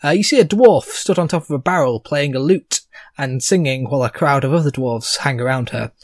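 A man narrating a tabletop game as game master, hesitant, with many pauses. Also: medium pitch, dry recording. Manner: hesitant, full of "uh"s.

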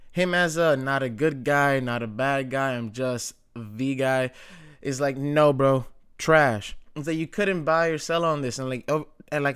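With a mid-range voice that's a bit bright, clear and resonant, a man hosts his own wrestling commentary show. His casual chat is opinionated and packed with "like," slang and swearing.

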